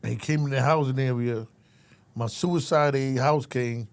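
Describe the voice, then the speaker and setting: A middle-aged former correctional officer tells a story in casual conversation, speaking with a medium-pitched voice at a normal speed. His telling is animated, streetwise and profane; he keeps saying his listener's name and acts out the people in the tale.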